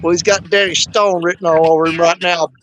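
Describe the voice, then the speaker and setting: Excited high-voiced man by the river. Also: brisk, background noise. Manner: excitable, breathless, laughing, rambling. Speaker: fishing show host. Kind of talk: excited outdoor fishing chat. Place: outdoors by a river.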